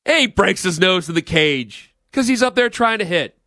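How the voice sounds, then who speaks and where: A man's voice: high-pitched, lively intonation, moderate pace, pushed and bright, no room sound, clean studio sound. A man hosting a sports talk radio show, ranting bluntly and sarcastically about the game.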